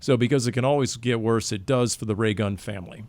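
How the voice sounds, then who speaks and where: A man hosting a casual sports podcast, running through a segment with wry, deadpan delivery. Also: medium pitch, fast talker, no echo. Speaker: podcast host.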